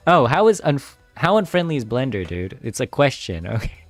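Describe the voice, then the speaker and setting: A man's voice: medium pitch, very animated, normal speed, dry recording, faint music behind. A young man live-streaming his game coding, chatting casually with viewers, easily distracted and laughing often.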